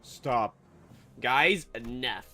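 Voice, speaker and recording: Lively, joking male game streamer. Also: mid-range voice, very slow, soft background music. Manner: animated, joking, sarcastic, laughs often. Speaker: VTuber streamer. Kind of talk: let's-play commentary and reading narration aloud.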